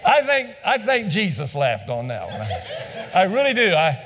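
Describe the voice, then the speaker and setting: A male pastor preaching and telling a story from the pulpit, his fairly high voice swinging up and down as he acts out each exchange. He repeats phrases for effect, and his words ring out with the long reverb of a large hall. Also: wildly swooping pitch, moderate pace, a bit bright. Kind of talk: storytelling sermon.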